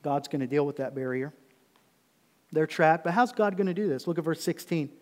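Middle-aged male pastor, high tenor voice, preaching with swells of intensity, long hall reverb. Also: darkish tone. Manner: preaching with rising intensity, reading scripture slowly. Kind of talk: sermon.

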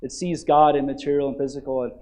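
A man preaching a sermon, dropping to soft, low asides and then building to loud, emphatic passages, often checking in with "right?" and "you see?". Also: flat delivery, quick pace, low-quality recording. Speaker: pastor.

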